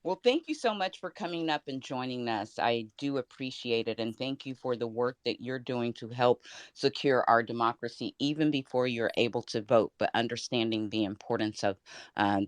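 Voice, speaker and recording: Unhurried roundtable host, dry sound. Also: medium pitch, dry recording. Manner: thankful, unhurried, many ums. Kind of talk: casual roundtable hosting.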